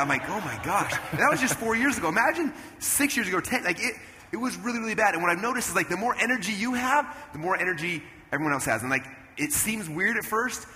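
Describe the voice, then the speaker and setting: A man in his thirties giving an energetic stage talk at a business event, telling animated stories and jumping into loud character voices. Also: fairly high pitch. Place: event stage in a large hall. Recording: long hall reverb, faint room noise.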